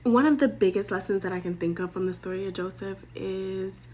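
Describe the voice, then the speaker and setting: A woman's voice: mid-range voice, normal speed. Playful slangy woman retelling Bible stories. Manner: slangy, playful, animated storyteller. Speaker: host. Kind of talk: casual Bible story retelling.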